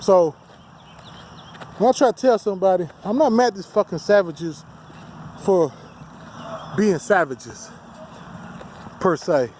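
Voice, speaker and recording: A man's voice: sits high, measured pace, long pauses, a little mellow, a little hiss or hum. A man delivering a heated, profane, rambling rant as a solo vlogger. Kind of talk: ranting monologue to camera.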